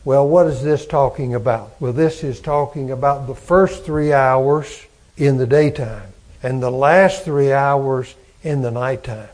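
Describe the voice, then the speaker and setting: A man preaching a sermon as pastor, slow and emphatic, building on repeated phrases. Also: mid-range voice, darkish tone.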